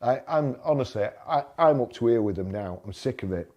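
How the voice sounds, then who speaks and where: A man's voice: medium pitch, animated, brisk, dull audio. Blunt man ranting over listings. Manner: exasperated, blunt, repeats himself when riled. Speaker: motoring vlogger. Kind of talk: screen-browsing commentary and rant.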